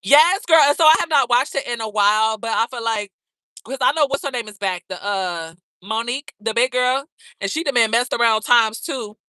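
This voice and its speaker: A woman's voice: a little high, moderate pace, sharp tone, no room sound. A woman hosting a live stream, chatting casually with viewers in a brash, profane, gossipy way and calling them girl, baby and honey.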